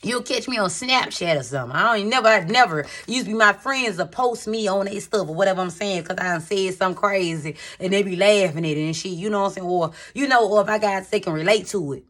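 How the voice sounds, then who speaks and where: A woman's voice: mid-range voice, fast, few pauses, a bit bright. A woman giving a casual tarot reading, talking candidly to her viewers with slang and swearing. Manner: chatty, rambling, addresses viewers as y'all. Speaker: tarot reader.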